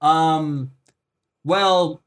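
A man's voice: on the high side, fairly even intonation, very slow, a bit bright, clear, resonant tone. Man telling stories in a casual podcast. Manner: storytelling, chuckling, blunt and profane. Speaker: podcast co-host.

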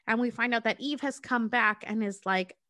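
A woman co-hosting a podcast, retelling a movie plot in casual, profane, animated storytelling. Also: a little high, normal speed, dry recording, studio quality. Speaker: podcast co-host.

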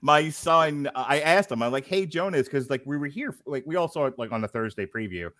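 A middle-aged man co-hosting a casual movie-review podcast, excitable and rambling, full of fillers and laughter. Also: fairly high pitch, brisk, dry recording. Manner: rambling storyteller with many fillers. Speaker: podcast co-host.

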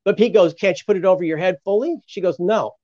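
A pastor tells his story with animated energy, acting out the people he quotes. His voice sits a little high. The sound is dry and slightly dull. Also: fast, no echo. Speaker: pastor, guest. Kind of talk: storytelling testimony. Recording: muffled lo-fi sound.

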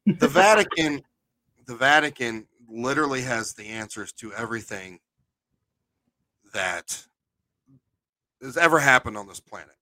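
A man co-hosting a podcast, a paranormal investigator chatting casually, animated and telling anecdotes with a swear now and then. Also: medium pitch, a little slow, long pauses, no echo.

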